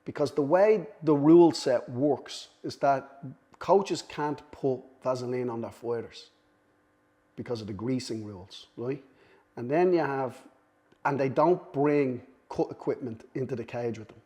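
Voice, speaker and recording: A man's voice: medium pitch, measured pace, dark tone. Man telling a sweary story. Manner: swears freely, self-deprecating, acts out quoted voices. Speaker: guest, cutman. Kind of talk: casual anecdotal storytelling.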